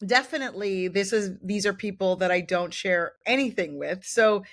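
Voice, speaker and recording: A woman's voice: mid-range voice, normal speed, dry recording, studio quality. A woman co-hosting a podcast in casual chat, talking with enthusiasm and emphatic agreement. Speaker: podcast co-host.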